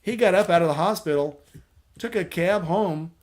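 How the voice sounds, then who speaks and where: A man's voice: sits high, normal speed. A man hosting a casual chat with friends, telling a long rambling anecdote full of quoted dialogue and restarts. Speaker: host.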